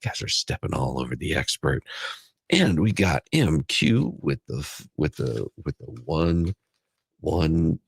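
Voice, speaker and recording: Hoarse guy with a cold chatting on his livestream, super deep gravelly voice, dry sound. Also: sing-song, unhurried, dry recording. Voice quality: raspy, gravelly. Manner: chatty, thanks viewers, sings along. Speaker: livestream host. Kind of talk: casual livestream chat.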